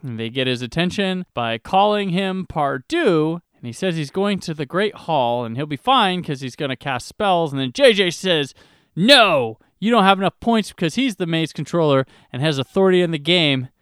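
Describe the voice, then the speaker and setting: Male podcast co-host, slightly high voice, summarizes plot in a relaxed, joking way. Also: normal speed, few pauses, clear, resonant tone, dry recording, studio quality. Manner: summarizing plot with wry asides. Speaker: podcast co-host recapping a film. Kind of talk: casual movie recap chat.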